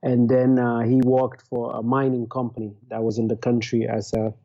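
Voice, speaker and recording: A man's voice: medium pitch, monotone, moderate pace, warm tone, highs cut off. A man from Leone, a podcast guest telling his story thoughtfully and hesitantly, with many fillers, over a remote call. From Sierra Leone. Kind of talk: interview storytelling.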